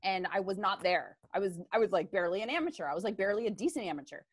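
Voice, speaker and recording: A woman's voice: mid-range voice, animated, racing, breathy edge, no room sound. Chatty woman golfer, dry sound. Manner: chatty, many fillers. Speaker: podcast guest, golfer. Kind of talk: casual interview talk.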